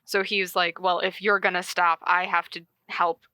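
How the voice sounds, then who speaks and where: A young woman co-hosting a casual podcast, giggling and chiming in with quick agreement. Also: on the low side, little pitch movement, pushed and bright, smooth. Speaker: podcast co-host. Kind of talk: casual chat.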